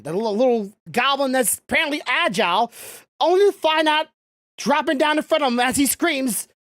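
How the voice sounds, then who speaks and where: A woman's voice: sits high, dry recording, studio quality. A woman narrating a role-play story as game master, rambling and restarting her sentences. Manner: rambling, full of fillers and restarts.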